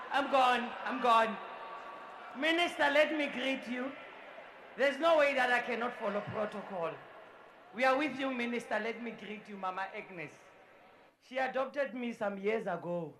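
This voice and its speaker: A woman working as MC at a sports event, hyping the crowd in a loud, repetitive way and often shouting. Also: a little high, background noise. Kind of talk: live crowd hype and welcome speeches. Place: indoor sports dome.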